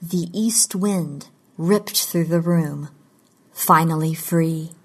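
A woman reads fiction aloud in a measured, deliberate narration. Her voice sits on the low side with a husky grain, and she lets each sentence unfold slowly. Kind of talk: scripted audiobook narration of fiction.

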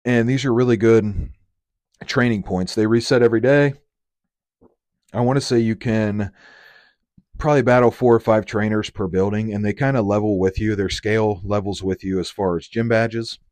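Young man, podcast host, low voice, dry close sound, rambling, swears a lot. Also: fairly even intonation, normal speed, a little mellow, dry recording. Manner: rambling, swears often, acts out quoted lines. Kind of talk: casual solo podcast chat.

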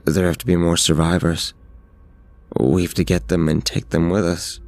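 Man playing a tough male soldier, blunt, commanding, very deep voice, gravelly. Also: flat delivery, moderate pace, darkish tone. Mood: resolute.

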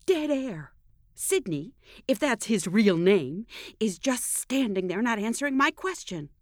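A woman playing a fussy, anxious sitcom wife in a deadpan comedy parody, repeating herself insistently. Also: fairly high pitch, a little slow, no room sound, studio quality. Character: anxious, bossy middle-aged sitcom wife.

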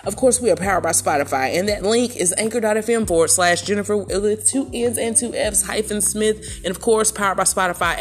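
Brief middle-aged woman, podcast host, chatty and playful, medium pitch, soft music underneath. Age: middle-aged or older. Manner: chatty, animated, playful asides. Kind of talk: casual solo podcast chat. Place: at home in a chair.

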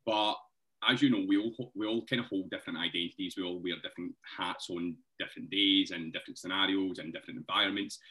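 A man's voice: sits low, fairly even intonation, quick pace, sharp tone. A Scottish man, a personal trainer guest on a podcast, talking earnestly and thoughtfully with frequent laughs. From Scotland. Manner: earnest and reflective, laughs often, says mate. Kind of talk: interview conversation.

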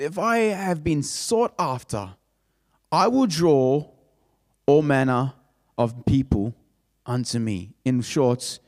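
A man with a high-pitched voice preaches a sermon, building each point through emphatic repeated phrases. His words trail off into a long hall reverb, as if carried through a church sanctuary. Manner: emphatic, repetitive preaching cadence. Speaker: pastor.

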